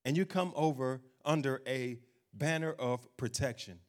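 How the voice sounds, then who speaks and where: A man preaching a sermon, emphatic, slowing down to read scripture. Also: medium pitch. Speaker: pastor.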